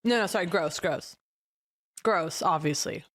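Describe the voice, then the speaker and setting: A woman co-hosting a casual comedy podcast, telling a story with lively quoted voices. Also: measured pace. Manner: animated storyteller, acts out quoted voices with big pitch jumps. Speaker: podcast co-host.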